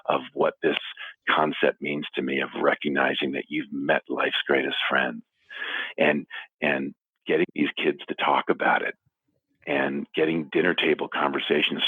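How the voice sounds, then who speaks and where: Middle-aged man, low and husky, heartfelt and halting, on a phone call. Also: dry recording. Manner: earnest, halting with restarts, walking while talking. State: teary. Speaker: interview guest, foundation founder. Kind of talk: emotional phone interview. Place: his office. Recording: phone line.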